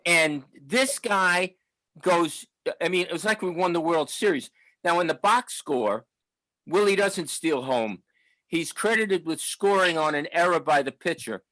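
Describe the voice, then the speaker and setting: A man's voice: fairly high pitch, animated, measured pace, pushed and bright, dry recording, low-quality recording. Older New man reminiscing. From New York, the Bronx. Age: 70s. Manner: rambling, nostalgic, with restarts and fillers. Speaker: audience member at a book talk. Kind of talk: casual storytelling.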